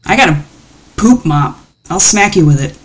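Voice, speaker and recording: A woman's voice: on the low side, animated, normal speed. A woman giving playful, jittery commentary while playing a horror game. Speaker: gaming channel host. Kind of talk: let's play commentary.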